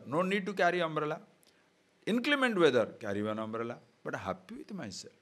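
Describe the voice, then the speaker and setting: A man's voice: a little high, brisk. A man giving a spiritual discourse, often putting rhetorical questions to his listeners. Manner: animated, rhetorical questions to the audience. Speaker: spiritual teacher. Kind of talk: discourse on scripture.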